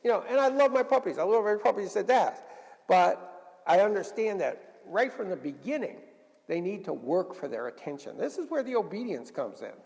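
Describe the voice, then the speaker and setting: A man's voice: sits high, big pitch swings, normal speed, gravelly, a little mellow, big-room sound. A man teaching a dog obedience class, explaining step by step and often checking in with "okay?". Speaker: dog trainer.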